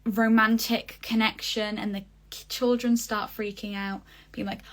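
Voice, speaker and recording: A woman's voice: on the high side, flat delivery, unhurried, few pauses. A young woman talking casually in a vlog, reviewing a stage show with gushing enthusiasm and lots of fillers. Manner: chatty, gushing, many fillers. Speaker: vlogger.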